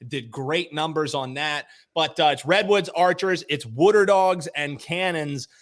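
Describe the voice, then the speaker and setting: Ranting higher-voiced Philly sports fan. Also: male voice, a little slow. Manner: animated, ranting, sarcastic. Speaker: guest betting analyst. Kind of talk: casual sports-betting chat.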